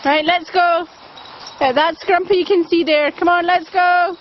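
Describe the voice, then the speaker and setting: Woman dog walker, high lively voice, chatty outdoor phone vlog, a touch dull with faint hiss. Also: measured pace. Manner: chatty, switching to high sing-song when talking to the dogs. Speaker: dog daycare walker filming a walk. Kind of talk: casual narration while walking dogs. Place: outdoors in woods and fields by a loch. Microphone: phone camera held while walking.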